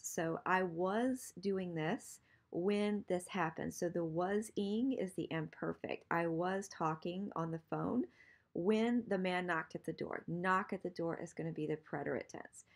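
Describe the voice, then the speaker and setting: A woman teaching Spanish grammar in an online lesson, patiently repeating examples and slowing down for practice sentences. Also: lowish voice, gravelly.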